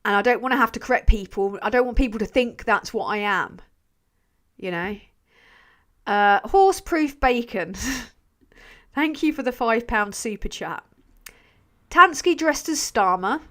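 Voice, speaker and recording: A woman's voice: on the high side, animated, measured pace, fairly bright tone. A woman hosting a casual live stream, reading out viewer comments in a rambling, self-mocking way, swearing freely and trailing off mid-sentence. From England. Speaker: channel host.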